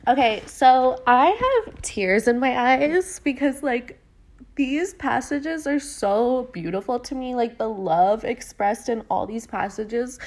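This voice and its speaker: A woman's voice: fairly high pitch, a little mellow. A woman podcast host reading a book aloud in a chatty, giggly way and adding casual comments. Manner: giggly, chatty, lots of fillers.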